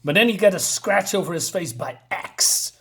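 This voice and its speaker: A man's voice: high-pitched, normal speed, vocal fry, a bit bright. A man talks casually through a comic book. He reads the speech bubbles aloud in loose, half-acted voices and laughs often between panels. His delivery stays loose and chatty, full of fillers.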